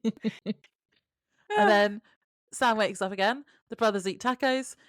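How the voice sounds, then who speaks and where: British woman calmly summarizing a TV episode. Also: medium pitch, takes it slowly, no echo, clean studio sound. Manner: plain summarizing narration with soft laughs. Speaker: podcast co-host. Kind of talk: casual chat recapping a TV episode.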